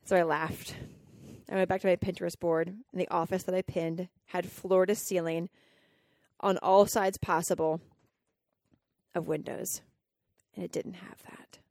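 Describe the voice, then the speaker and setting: A woman's voice: fairly low pitch, flat delivery, a little slow, darkish tone, dry recording, studio quality. A woman hosting a podcast, telling a personal story earnestly and emotionally, acting out her own inner dialogue. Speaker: podcast host and coach.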